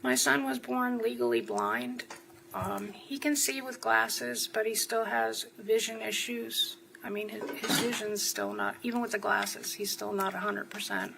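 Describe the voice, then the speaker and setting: Woman from New Jersey, courtroom witness, raspy and bright-toned, faint hum behind her. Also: medium pitch, a little slow, rough recording. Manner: short answers, then rambling storytelling. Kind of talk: courtroom testimony.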